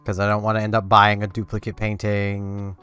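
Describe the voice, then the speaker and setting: A man's voice: lowish voice, completely flat delivery, a little fast, sharp tone, clear, resonant tone, soft background music. A man giving casual let's-play commentary, rambling and talking to himself and to the game as he plays. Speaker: gameplay commentator.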